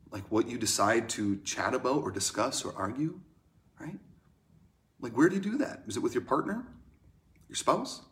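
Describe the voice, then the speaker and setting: A man preaching a sermon in a conversational way, swinging from loud emphatic lines to hushed ones. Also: mid-range voice. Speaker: pastor.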